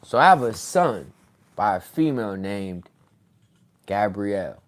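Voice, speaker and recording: A man telling a story in a casual, animated way, swearing and laughing as he goes. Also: on the low side, a little slow. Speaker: podcast host, regression practitioner.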